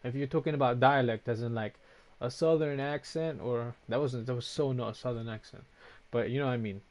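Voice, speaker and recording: A man's voice: mid-range voice, fairly even intonation, brisk, darkish tone. A man streaming a game, chatting casually with his viewers, reading out and answering comments, with frequent swearing. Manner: casual, swears often, reacts to chat.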